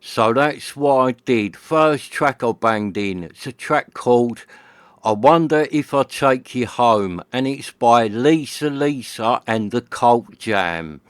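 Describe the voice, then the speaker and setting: Slow-talking British hifi vlogger. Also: male voice, mid-range voice, no echo. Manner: chatty, slangy, acts out his friend's and his own lines. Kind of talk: casual storytelling monologue. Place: home living room.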